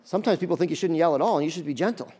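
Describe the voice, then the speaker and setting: This sermon comes from a man whose voice is high for a male and alternates between loud, emphatic moments and soft, quiet stretches. Easygoing and animated, he talks conversationally and slips in quick jokey asides.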